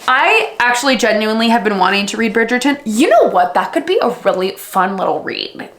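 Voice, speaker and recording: A woman's voice: on the high side, big pitch swings, normal speed, few pauses, a bit bright, echoey room. A young woman in her twenties chatting casually in a vlog, gushing and full of fillers as she unboxes things. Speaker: book vlogger.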